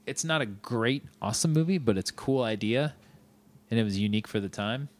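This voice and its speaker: A man's voice: mid-range voice, expressive, a little fast. Enthusiastic rambling podcast host, a man. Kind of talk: casual chat.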